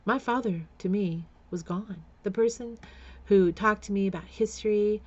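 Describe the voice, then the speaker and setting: In a personal storytelling vlog, a woman openly recounts a painful family story, with nervous laughter and repeated words. She speaks at medium pitch and a moderate pace on a muffled recording.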